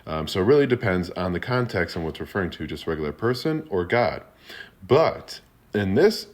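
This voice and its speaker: A man hosting a short video, explaining a point of scripture in an earnest, teacherly way with casual fillers. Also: low voice. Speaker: Christian apologetics video host. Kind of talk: casual explanatory talk to camera.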